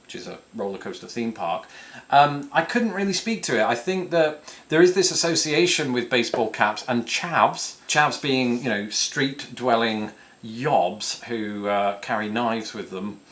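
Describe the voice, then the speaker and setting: A man's voice: medium pitch, lively intonation, unhurried, a bit bright. A man in his thirties with a British accent, hosting a casual question-and-answer video and answering viewers with dry, self-mocking humour and puns. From England. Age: 30s. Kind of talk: casual chat to camera.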